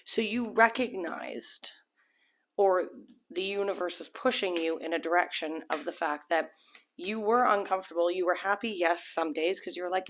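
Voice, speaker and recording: A woman with a slightly low voice doing a tarot reading in a loose, chatty way. She rambles, restarts her sentences and slips into little acted-out inner voices to make her point. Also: moderate pace. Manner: acts out imagined people's thoughts. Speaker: tarot reader. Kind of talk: casual tarot reading to camera.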